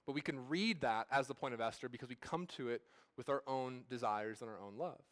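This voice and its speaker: Casual pastor preaching a sermon. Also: male voice, mid-range voice, brisk, a bit bright. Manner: casual storytelling with fillers and restarts. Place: church service.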